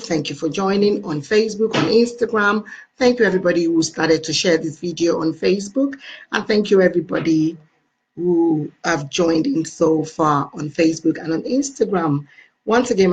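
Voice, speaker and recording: A woman's voice: on the low side, a little mellow, muffled recording. A woman with a Nigerian accent hosting a casual live stream, effusively greeting and thanking her viewers.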